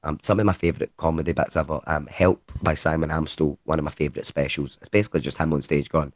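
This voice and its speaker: A Scottish comedian with a very low voice, talking about his career in loose, lively anecdotes. His speech is casual and peppered with swearing. The sound is close and dry, with no room echo. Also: quick pace, hardly any pauses. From Scotland. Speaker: comedian guest. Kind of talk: casual conversational storytelling.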